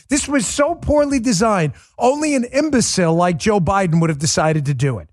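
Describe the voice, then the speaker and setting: Male podcast host, combative and sarcastic, higher-pitched voice, dry close studio sound. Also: sing-song, brisk, few pauses, no echo. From New York City. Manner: combative, sarcastic, rising to shouts. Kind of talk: heated political monologue.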